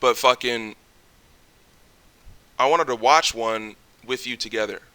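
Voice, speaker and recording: Bright-voiced man rambling profanely. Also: mid-range voice, takes it slowly, clean tone. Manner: profane, rambling, with lots of fillers. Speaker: vlogger. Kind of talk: casual storytelling reaction video.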